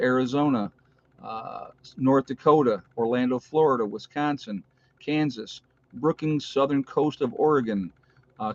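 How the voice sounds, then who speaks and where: Male livestream host, casual and chatty, reads viewer comments; mid-pitched voice, slightly dull home mic. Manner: chatty, lists viewer locations, pauses with uh.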